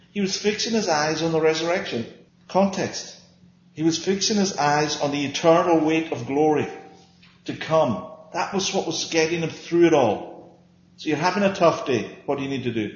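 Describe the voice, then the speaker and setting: A man's voice: a little high, a little hiss or hum. An earnest man leads a small-group Bible teaching, pressing his points and answering his own questions. The recording is roomy and a bit dull, with faint ambience behind him.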